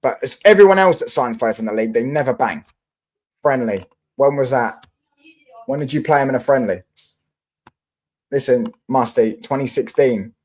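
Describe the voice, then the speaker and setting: A man's voice: mid-range voice, normal speed, pauses often, darkish tone. A young man from London with a London accent, hosting a casual football livestream and answering his chat in slangy, swearing talk.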